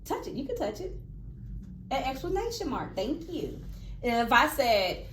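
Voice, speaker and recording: A woman's voice: sits high, sing-song, normal speed, pauses often, a little hiss or hum. A woman teacher giving a one-on-one classroom lesson, asking patient questions with playful emphasis. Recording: echoey classroom.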